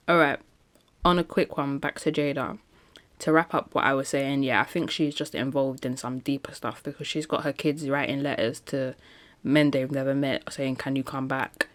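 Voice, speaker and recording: A woman talking casually in a solo podcast, chatty and emphatic, often laughing between points. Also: sits low. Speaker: podcast host.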